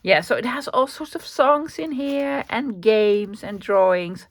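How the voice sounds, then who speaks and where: Excitable woman. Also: a little high, unhurried, no room sound. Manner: chatty and excitable, with fillers and repeats. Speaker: vlogger showing a thrift haul. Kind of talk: casual chat.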